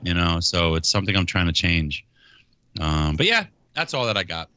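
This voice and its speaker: A man's voice: deep voice, sing-song, moderate pace, pushed and bright. A middle-aged man chatting and joking on a podcast, asking questions and talking about family life. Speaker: podcast co-host. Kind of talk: casual podcast banter.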